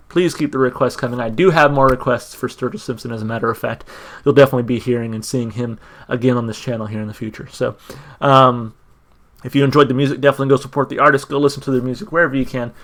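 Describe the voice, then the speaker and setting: A man hosting a casual music reaction show, musing aloud with plenty of ums and false starts. His voice sits at an ordinary mid pitch, and he speaks without a regional accent. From Texas. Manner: relaxed, thinks aloud with many ums and restarts. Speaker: music reaction channel host.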